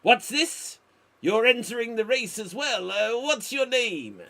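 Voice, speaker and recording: A man voicing a loud, excitable racing team boss in an improv scene. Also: high voice, normal speed, gravelly, heavily acted. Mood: boisterous.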